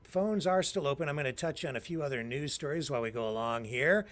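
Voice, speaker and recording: A man's voice: a little high, fast talker. A man hosting a live call-in talk show, chatting casually with guests and callers between breaks. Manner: relaxed, chatty, reads out phone number.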